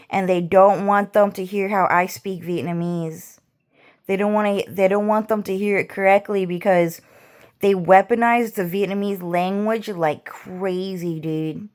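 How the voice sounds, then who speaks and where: A woman's voice: mid-range voice, a little mellow. A woman vlogger ranting casually, rambling and swearing as she repeats herself. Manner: rambling, profane, repetitive.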